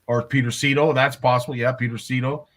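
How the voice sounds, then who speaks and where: A man's voice: medium pitch, flat delivery, fast, a bit bright. A man hosting a live fishing show, reacting with short interjections and reading viewer comments aloud in casual chat.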